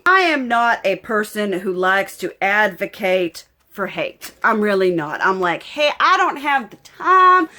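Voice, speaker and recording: Her voice sits in the mid range with a bit of brightness as this young beauty vlogger chats with viewers while putting on makeup. The get-ready-with-me talk wanders, stays casual, and turns heartfelt and frequently emotional.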